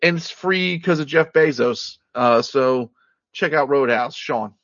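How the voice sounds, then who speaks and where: A man's voice: mid-range voice, unhurried, a bit bright, no room sound. A man co-hosting a casual movie review chat, rambling and jokey, with lots of "like" fillers. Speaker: podcast co-host. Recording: dull lo-fi sound, dry.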